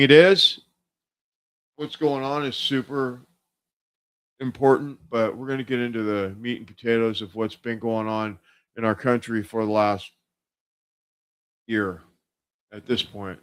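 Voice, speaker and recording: Hosting a casual political livestream, the man talks unhurriedly and pauses often, his medium-pitched voice smooth but flat in delivery. He rambles along with many fillers and restarts.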